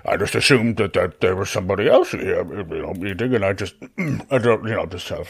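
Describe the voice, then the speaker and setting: A man voicing a flustered, excitable young man who rambles and stammers. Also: fairly quick, vocal fry, breathy edge, heavily acted. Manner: stammering, high-pitched outbursts.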